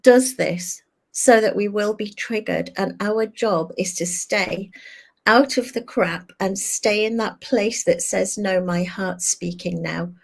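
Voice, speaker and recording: An older woman, a guest on a talk show, telling a candid personal story over a video call and acting out her own past thoughts in animated quoted asides. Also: medium pitch, slow.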